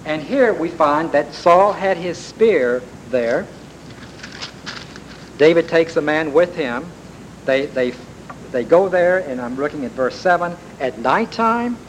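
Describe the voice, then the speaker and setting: A man's voice: fairly high pitch, low-quality recording. A man preaching a sermon, retelling a story with emphatic rises and repeated words. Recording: faint background hiss.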